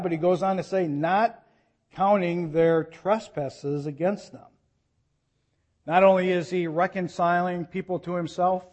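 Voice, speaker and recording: A man preaching a sermon in a church, reading scripture slowly and rising to urgent appeals. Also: on the high side, darkish tone. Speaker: pastor.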